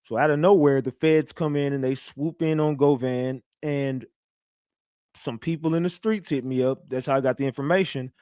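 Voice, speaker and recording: A man's voice: medium pitch, steady tone, normal speed, dark tone, smooth, dry recording, studio quality. Slangy man talking on a livestream. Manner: loose, rambling street slang with restarts. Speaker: livestream host. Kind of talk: casual livestream commentary.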